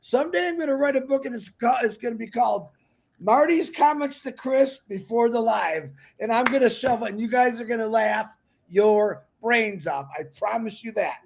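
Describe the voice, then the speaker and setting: A man's voice: very high voice, normal speed, creaky, a little mellow, husky. A man co-hosting a live stream in casual chat, upbeat and teasing, giving encouragement over a video call mic. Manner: upbeat, teasing, pep-talk delivery.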